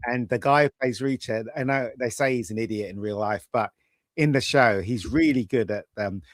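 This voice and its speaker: A man co-hosting a casual pub chat, rambling through animated opinions. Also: medium pitch, normal speed, no room sound, studio quality. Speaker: co-host.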